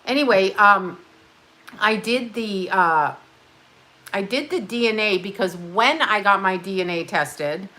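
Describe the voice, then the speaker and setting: A woman's voice: mid-range voice, measured pace, pushed and bright. A woman from Canada chatting casually on a livestream, rambling, blunt and profane, with self-mocking asides. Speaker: livestream host. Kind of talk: casual chat.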